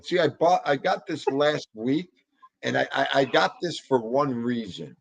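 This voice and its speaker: Male livestream host, mid-pitched, rambling, crude and jokey. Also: lively intonation, slow, gravelly, pauses often, slightly rough, rough recording. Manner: rambling, profane, joking banter. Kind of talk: casual livestream chat.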